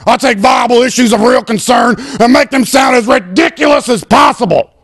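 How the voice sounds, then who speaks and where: A screaming radio host parody, super high and gravelly, hammy and crude, faint music behind. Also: male voice, moderate pace, full character voice. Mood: ranting. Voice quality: gravelly, raspy shouting. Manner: bellowing, hammy, over-the-top. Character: ranting loudmouth male radio host parody, crude and boastful. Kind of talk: comedic sketch acting.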